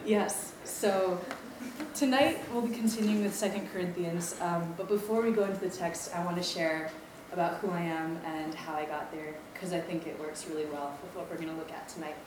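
A woman's voice: on the low side, steady tone, a little fast. A woman in her twenties from Maui, on staff with a campus ministry, sharing a chatty, self-deprecating personal testimony with many ums. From Maui, Hawaii. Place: lecture room. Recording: echoey room, distant mic, background noise.

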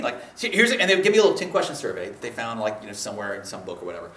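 A man telling a story in casual conversation, rambling and animated, laughing often and slipping into voices for the people he quotes. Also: fairly low pitch, racing, roomy sound, far from the mic.

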